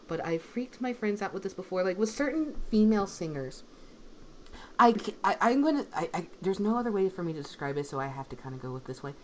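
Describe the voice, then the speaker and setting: A young woman, a substitute teacher who voice acts, chatting on a livestream and telling stories with lots of fillers. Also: medium pitch. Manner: animated storytelling, lots of fillers, swings in loudness. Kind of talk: casual livestream chat. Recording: faint background noise.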